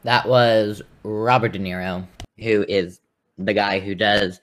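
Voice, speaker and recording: A man's voice: lowish voice, steady tone, takes it slowly, a bit bright, raised voice. Rambling male podcast co-host. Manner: rambling, many fillers. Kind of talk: casual chat.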